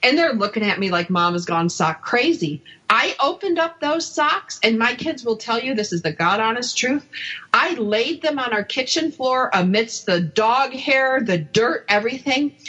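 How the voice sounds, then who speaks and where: A woman's voice: fairly high pitch, expressive, normal speed, sharp tone, breathy edge, muffled recording. A woman hosting a radio talk show, chatting casually and telling a story, acting out the voices she quotes.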